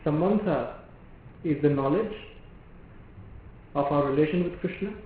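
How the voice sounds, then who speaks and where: Speaking on the high side, a male preacher works through a devotional talk one step at a time, letting rhetorical questions hang. His words echo heavily around the hall, captured in thin, telephone-like sound over a light hiss.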